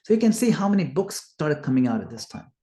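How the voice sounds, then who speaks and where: A man teaching a scripture study class, retelling the stories in a lively way and acting out the quoted lines. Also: a little high, fast talker. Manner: animated retelling, acts out quoted lines loudly. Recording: echoey room.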